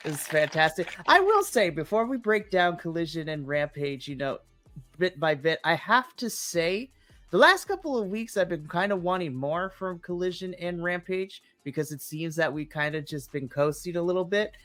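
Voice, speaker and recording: Playful podcast host, dry close mic. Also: male voice, a little high, moderate pace, fairly bright tone, dry recording, soft background music. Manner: playful, theatrical greetings. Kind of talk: late-night podcast chat.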